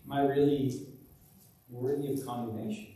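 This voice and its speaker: A man's voice: medium pitch, little pitch movement, normal speed, dark tone, far from the mic. A man preaching a conversational sermon as pastor, often restarting and repeating words. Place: church sanctuary. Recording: very echoey church live stream from afar.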